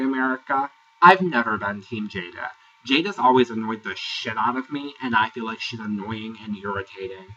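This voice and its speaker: A sassy man rants through a casual review with a bright, animated voice that swings up and down. He sounds exasperated and mocking. The recording is dull and lo-fi, and the mic sits some distance away. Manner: sassy, exasperated, mocks people in high put-on voices. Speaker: reality TV reviewer. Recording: dull, lo-fi, voice set back from the mic.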